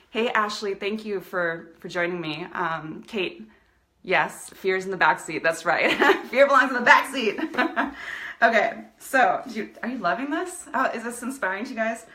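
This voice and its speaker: A woman's voice: medium pitch, bright, forceful tone, reverberant. A woman giving a passionate motivational talk on a live video stream, speaking as a coach to her viewers. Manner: passionate, fired-up motivational delivery. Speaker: business coach.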